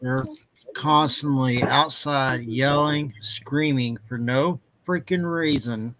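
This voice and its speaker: A man's voice: medium pitch, takes it slowly, noisy background. A man chatting casually with his mother, griping as he tells stories about the neighbors. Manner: complaining storyteller. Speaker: streamer's son. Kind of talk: casual chat.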